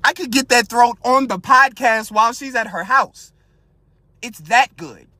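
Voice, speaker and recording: A young man hosting a podcast, ranting in a crude, animated, comedic way and asking his listeners one rhetorical question after another. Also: extremely high pitch, measured pace, no echo. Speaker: podcast host. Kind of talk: casual comedic rant. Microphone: podcast mic.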